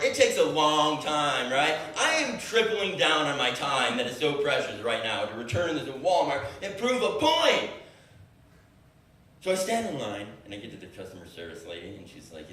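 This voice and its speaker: A young man tells a comic tale, acting out every exchange with laughter breaking through. His voice is bright and swings wildly in pitch. He sounds a little distant, with heavy echo around him. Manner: animated, acts out every line of dialogue, laughs often. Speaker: storyteller. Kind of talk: comedic storytelling to an audience. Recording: echoey room, voice from a distance.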